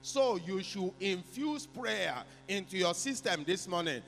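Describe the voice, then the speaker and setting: A man with a high, gravelly voice preaches at an unhurried pace, leading his congregation through repeated call-and-response declarations. He exhorts and repeats phrases for the church to echo back. The voice rings with a long church reverb over faint background music. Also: expressive, fairly bright tone. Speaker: pastor.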